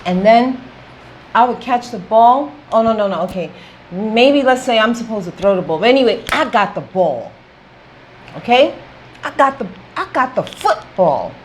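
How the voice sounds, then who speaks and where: A woman's voice: on the high side, lively intonation, normal speed, a little hiss or hum, low-quality recording. A woman talking straight to camera in a casual opinion vlog, emphatic and repetitive, checking in with "okay?". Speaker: vlogger.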